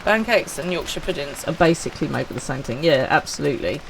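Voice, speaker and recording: A woman's voice: sits low, lively intonation, quick pace, gravelly, a little hiss or hum. A woman with a British English accent streaming a game, chatting with her viewers and bantering indignantly, laughing often. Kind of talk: casual chat with live chat. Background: game music.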